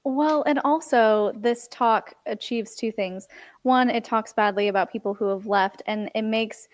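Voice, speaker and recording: A woman's voice: a little high, unhurried, no echo. Wry woman on a dry close mic. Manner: wry, laughs often. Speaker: podcast co-host. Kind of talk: casual podcast chat.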